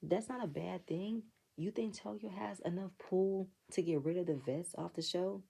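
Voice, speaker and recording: Gravelly low-voiced woman, blunt recapper. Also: normal speed, mellow. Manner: blunt, profane, exasperated. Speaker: reality TV reviewer. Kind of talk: casual recap commentary.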